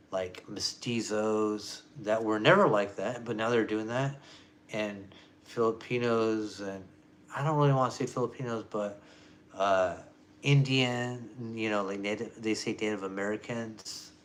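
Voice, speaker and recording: A man ranting in a rambling, low-key, muttering monologue. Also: a little hiss or hum. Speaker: vlogger.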